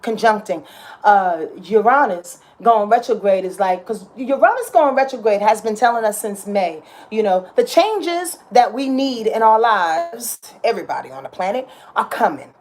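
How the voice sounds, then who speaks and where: A woman's voice: mid-range voice, very animated, normal speed. A woman giving a casual astrology talk, passionate and dramatic, emphatic and repetitive, with slang and swearing. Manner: profane and slangy.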